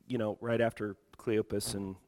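Male pastor, middle-aged, slightly low voice, congested, frequent throat clearing, sermon delivery. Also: little pitch movement, moderate pace, long reverb tail. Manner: prays softly, then preaches louder with frequent throat clearing. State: congested from allergies.

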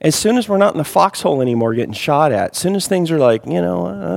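A man teaching a conversational Bible study, emphatic and reading scripture aloud, often clearing his throat. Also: fairly high pitch, lively intonation, fast, few pauses, a little mellow, big-room sound.

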